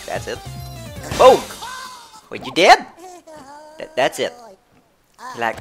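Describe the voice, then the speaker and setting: A young man giving jokey, excitable commentary while playing a video game. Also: medium pitch, measured pace, long pauses. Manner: excitable, jokey, yelps and laughs. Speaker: let's play gamer. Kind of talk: casual gameplay commentary. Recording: game music loud under the voice.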